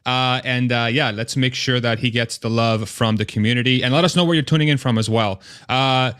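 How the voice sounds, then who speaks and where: A man's voice: mid-range voice, fairly even intonation, a little fast, a bit bright, smooth. Upbeat man hosting a live stream. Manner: upbeat, laughs often, trips over words. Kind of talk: casual live stream chat.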